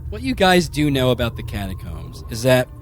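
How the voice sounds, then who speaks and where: A man's voice: medium pitch, huge pitch swings, normal speed, soft background music. A man narrating as game master of a tabletop game, rambling with lots of fillers. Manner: rambling, full of fillers and restarts.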